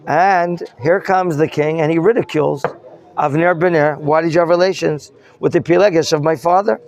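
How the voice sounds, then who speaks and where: A man's voice: fairly high pitch, darkish tone. A rabbi teaching a Bible class, questioning his students and explaining the terms as he goes. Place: study hall classroom.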